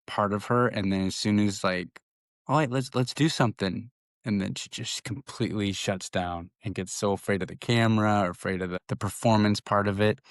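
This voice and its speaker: A man in his thirties co-hosts a casual podcast chat, telling a story in a loose, rambling way full of restarts. His voice sits low. The sound is dry and close, with no room around it. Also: dry recording. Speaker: podcast co-host.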